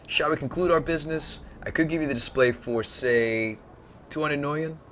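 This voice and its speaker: A man's voice: on the high side, moderate pace, a bit bright, a little hiss or hum, pitched above the performer's own voice, lightly acted. Man playing a courteous dwarf shopkeeper woman. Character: polite female dwarf shopkeeper.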